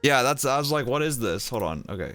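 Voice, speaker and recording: Bright-voiced chatty male streamer. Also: mid-range voice, animated, fast talker, no echo, faint music behind. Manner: rambling, chatty, many fillers and restarts. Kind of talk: casual live-stream chat.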